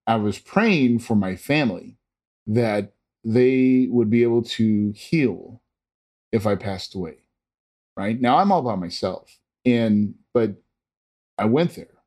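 A man's voice: on the low side, animated, slow pace, pauses often, a little mellow. A man earnestly telling a personal story in a casual, rambling way, with frequent restarts and fillers. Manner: imitates monitor beeps.

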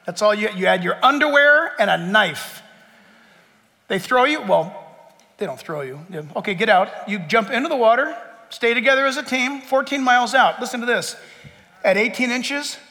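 In a large church hall, a male pastor preaches with an unusually high, sharply bright, creaky voice. He alternates between emphatic near-shouts and low, hushed asides, with long reverb trailing each phrase.

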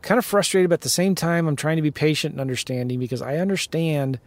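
Talking fast in a slightly high voice with no echo, a man in a car shares a deal story on his podcast. A real estate investor, he rants casually and emphatically and laughs while he tells it.

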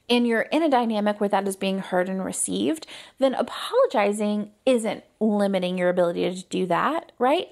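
A woman hosting a solo podcast, talking earnestly and conversationally with many casual fillers and asides. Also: a little high. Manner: earnest, conversational, lots of "like" and "right?". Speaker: podcast host.

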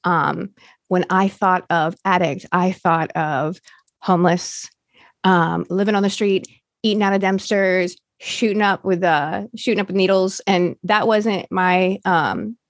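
A woman's voice: lowish voice, unhurried, no room sound, clean studio sound. A woman, now a recovery coach, candidly telling her recovery story in a rambling way, full of fillers and restarts.

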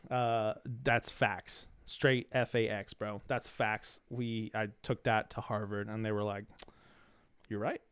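A man's voice: lowish voice, little pitch movement, a little slow, hardly any pauses, a bit bright, clean tone. A young man hosting a podcast, telling a rambling story in slangy, swearing casual talk, his throat dry and coughing. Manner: rambling, slangy, swears freely, many restarts. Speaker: podcast host.

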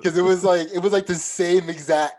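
A man's voice: high voice, steady tone, fairly quick, a little mellow. A man in casual chat, rambling through a story with many fillers.

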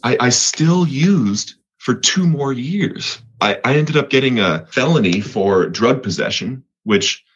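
A man's voice: mid-range voice, expressive, a little slow, hardly any pauses, fairly bright tone, breathy edge, dull audio. A man from Colorado, a podcast guest giving an earnest personal faith testimony, often restarting and repeating words.

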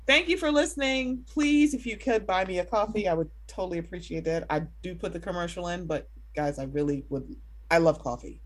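A woman's voice: on the low side, brisk. A woman hosting a casual podcast, playful and laughing, swearing freely and slipping into silly voices. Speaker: podcast host.

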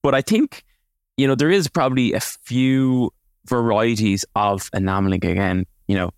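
A man's voice: mid-range voice, normal speed, smooth, no echo, clean studio sound. A man co-hosting a podcast, explaining things in a casual way with lots of fillers and restarts. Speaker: podcast co-host.

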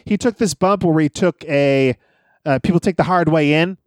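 A man's voice: a little high, normal speed, no room sound, clean studio sound. A man chatting casually on a wrestling podcast, rambling through old stories and laughing often.

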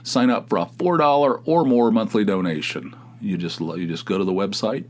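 A man's voice: on the low side, moderate pace, a little mellow, a little hiss or hum. A man from the United States hosting his own podcast, talking in a rambling, meandering, self-deprecating way. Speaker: podcast host. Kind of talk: casual solo podcast monologue.

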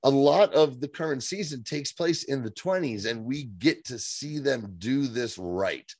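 Man, podcast co-host, casual recap chat, lively swooping pitch, dry close sound. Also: unhurried, no room sound. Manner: animated, profane, reads reviews aloud.

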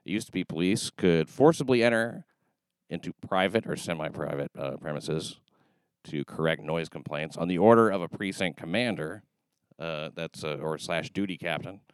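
Brief: low-voiced male podcast host, sardonic banter, dry close sound. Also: normal speed, clear, resonant tone, no echo. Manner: dry, sarcastic joking.

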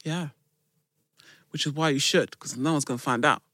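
A woman's voice: low-pitched, moderate pace, fairly bright tone, no echo. A woman co-hosting a podcast in casual chat, teasing her friend with dry humour. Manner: teasing, dry, laughs a lot. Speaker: podcast co-host.

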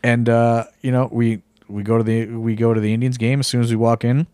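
A man of middle pitch telling a rambling story on a podcast, stumbling through fillers and casual swearing. The sound is dry and close, with no room around it. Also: flat delivery, fairly quick, darkish tone, smooth, dry recording. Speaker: wrestling promoter and podcast co-host.

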